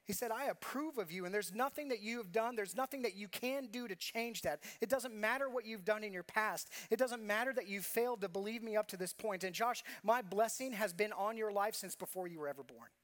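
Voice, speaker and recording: A man's voice: high voice, a little fast, few pauses, a bit bright. A man preaching a sermon as pastor, earnest and confessional, telling a personal story with repeated phrases.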